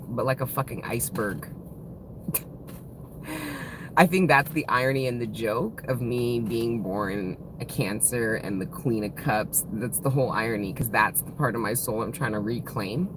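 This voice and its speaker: A woman's voice: extremely low pitch, animated, measured pace, noisy background. A woman in her thirties giving a casual live-stream tarot reading, swearing freely, laughing often and talking with open emotion. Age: 30s. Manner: profane, laughing, emotional and playful. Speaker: tarot reader.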